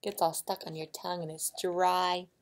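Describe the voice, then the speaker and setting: A woman's voice: fairly low pitch, level tone, normal speed, lightly acted. Woman doing a grumbling disgusted queen. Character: complaining royal queen disgusted by sand.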